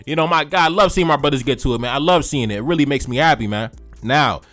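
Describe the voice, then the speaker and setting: A man from Haiti, hosting a music reaction video, talking casually with lots of repeated phrases and shout-outs. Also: mid-range voice, fast talker.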